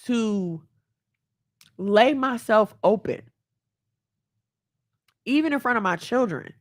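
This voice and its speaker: Speak as an earnest mother, slightly high voice. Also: lively intonation, slow. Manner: earnest and heartfelt, acts out quoted voices. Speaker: mother giving life advice. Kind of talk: candid self-help monologue.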